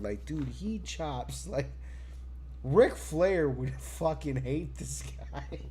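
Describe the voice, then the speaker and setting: A man on a casual wrestling podcast, excitable and profane, laughing often. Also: on the high side, takes it slowly, a little hiss or hum. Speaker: podcast co-host.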